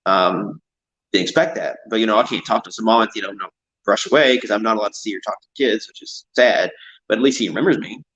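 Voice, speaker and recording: Low-voiced rambling man on a call. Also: fast talker, fairly bright tone, lo-fi sound. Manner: rambling, repeats himself. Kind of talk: casual chat on a call.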